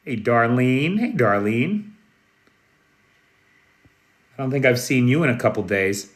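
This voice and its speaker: A man from the United States hosting a live news stream, speaking in a slow, measured, friendly way and greeting chat viewers by name. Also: mid-range voice, sing-song. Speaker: news livestream host. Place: Kyiv, Ukraine.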